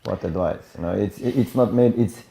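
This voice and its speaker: A man interviewing a guest, asking his questions at a calm and steady pace. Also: fairly low pitch, moderate pace, creaky. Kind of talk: interview with short backchannels.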